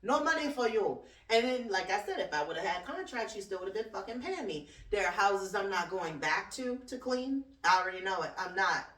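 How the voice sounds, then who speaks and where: A woman's voice: medium pitch, lively intonation, brisk, few pauses, a bit bright. A woman hosting her own talk show, ranting bluntly and sassily with plenty of swearing and laughter. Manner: blunt, profane, sassy, laughs often. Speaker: podcast host and cleaning business owner. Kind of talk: casual solo talk-show rant. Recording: roomy echo, distant from the mic.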